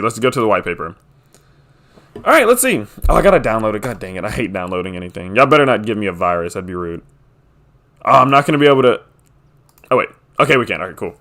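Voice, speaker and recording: A young man, casually reading a crypto white paper aloud on screen share and breaking in with quick excited reactions. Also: mid-range voice. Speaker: crypto video host.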